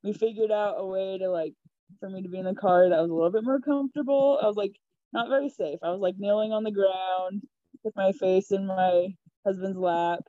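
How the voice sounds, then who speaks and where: A young woman tells a personal story as a podcast guest, chatty and quick to giggle. Her voice is mellow and warm, recorded dry and close with a slightly dull, lo-fi sound. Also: medium pitch, no echo. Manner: chatty, giggly, animated retelling. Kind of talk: casual storytelling.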